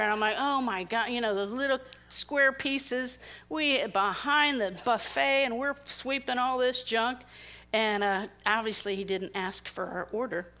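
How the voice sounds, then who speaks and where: Woman, middle-aged, speaker, conversational sermon, animated storytelling, acts out quoted people. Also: fairly high pitch, a little slow. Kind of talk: conversational sermon with personal stories.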